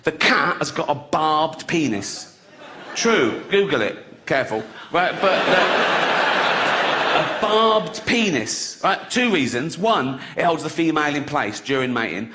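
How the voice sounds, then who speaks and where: A man's voice: a little high, animated, unhurried. A middle-aged man doing a stand-up routine, crude and mocking, acting out silly voices. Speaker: stand-up comedian. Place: stage before a live audience. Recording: loud background noise from a live crowd. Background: loud audience laughter.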